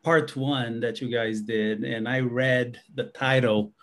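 A man speaking as a guest in a casual discussion, with halting speech and frequent restarts. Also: medium pitch, steady tone, a bit bright.

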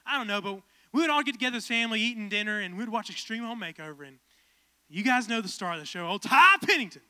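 A man in his twenties, a pastor telling a casual, animated story in a sermon that builds to fervent preaching. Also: high-pitched, quick pace, clean tone, no room sound. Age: 20s.

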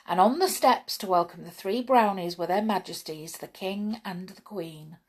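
A woman reads a children's storybook aloud. Her reading is gentle and expressive. Her voice sits at an ordinary middle pitch. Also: normal speed, slightly rough.

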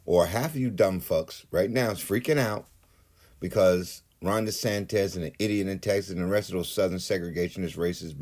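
A man's voice: lowish voice, a little mellow. A man delivering a heated, profane political rant in his own vlog, swearing often and building into outbursts. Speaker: political commentator.

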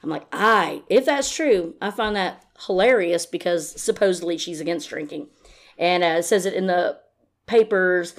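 Blunt, profane woman ranting on a podcast. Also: normal speed. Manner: blunt, profane and sarcastic, mocking in a high put-on voice. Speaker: podcast host. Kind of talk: ranting casual commentary.

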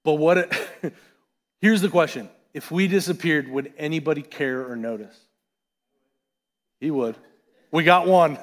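Pastor, male, fairly high voice, chatty animated sermon, long church reverb. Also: a little slow, pauses often. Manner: conversational, animated preaching with asides. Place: church sanctuary.

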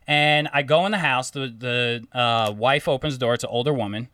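A young man telling a story in casual chat, animated and swearing often, quoting himself and others. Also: medium pitch, moderate pace, clean tone, no echo, distant mic. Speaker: home care therapist.

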